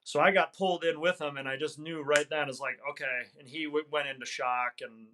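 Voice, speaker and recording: A man's voice: on the high side, fairly even intonation, brisk, sharp tone, a little hiss or hum. A middle-aged man, a hunting guide, telling a story in conversation, earnest and reflective, with some fillers and restarts. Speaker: hunting guide, podcast guest.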